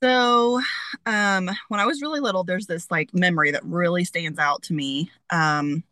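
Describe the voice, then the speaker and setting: A woman's voice: fairly low pitch, normal speed, sharp tone, no echo. A woman in her forties, a guest telling stories in a casual interview, chatty with many fillers.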